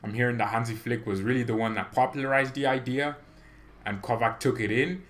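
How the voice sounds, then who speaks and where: A man of ordinary pitch hosts a casual fan reaction vlog, rambling from point to point with strong opinions. His voice jumps up in pitch and loudness when he gets excited, and he laughs often between points. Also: a little fast. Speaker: football fan channel host.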